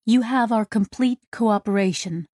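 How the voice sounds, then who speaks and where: A woman voicing a calm, diplomatic female translator aboard a ship. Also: on the high side, moderate pace, no room sound, studio quality, close to an everyday voice.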